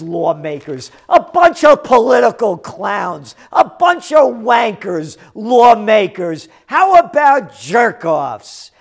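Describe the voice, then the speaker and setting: High-voiced, combative male commentator. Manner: combative and sarcastic, bursting into shouted insults. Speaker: trends forecaster and journal publisher. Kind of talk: ranting commentary monologue.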